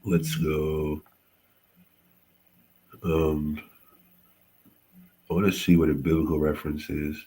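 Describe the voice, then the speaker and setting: A man hosting a casual livestream history lesson, halting and often correcting himself. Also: extremely low pitch, little pitch movement, warm tone, breathy edge. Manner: halting, frequent self-corrections and apologies. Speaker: host teaching history on a livestream.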